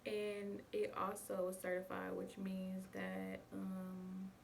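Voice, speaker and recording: Gravelly-voiced young woman telling a story. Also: medium pitch, monotone, slow. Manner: chatty, addresses viewers as y'all. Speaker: vlogger. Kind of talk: casual storytime to viewers. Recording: distant mic with faint background noise.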